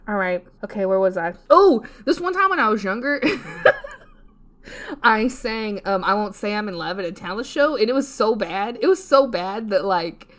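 A woman's voice: medium pitch, animated, moderate pace, a bit bright. A young adult woman co-hosting a podcast, rambling casually with frequent laughs, restarts and casual swearing, in a self-deprecating way. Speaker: podcast co-host. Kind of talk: casual solo podcast rant.

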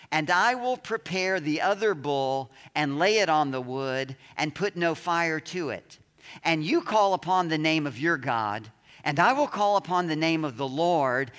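Male pastor, dramatic sermon delivery, lively and unhurried, bright tone, echoing sanctuary. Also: a little high. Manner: dramatic, reads scripture aloud and acts out shouts.

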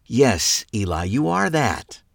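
A male audiobook narrator voicing a wry, deadpan woman police detective. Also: mid-range voice, slow, vocal fry, dry recording, clean studio sound, voice pushed up, exaggerated voice. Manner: deadpan, matter-of-fact.

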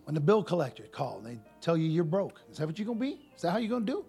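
A man preaching a sermon to a congregation, animated and full of rhetorical questions, in casual everyday speech. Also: on the high side, racing, gravelly, soft background music. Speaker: pastor.

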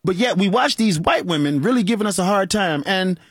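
Talk host, man in his 40s, animated, slightly husky, dry close sound. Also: sits high, a little fast, no room sound. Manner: animated, joking, laughs often. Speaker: radio show host. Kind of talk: call-in talk show monologue.

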